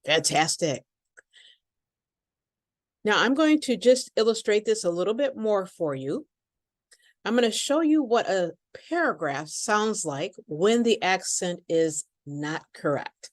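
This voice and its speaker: Slow, carefully enunciating woman teacher. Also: mid-range voice, very animated, no echo, studio quality. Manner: slow, deliberate over-enunciation. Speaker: accent and pronunciation teacher. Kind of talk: pronunciation lesson with repeat-after-me drills.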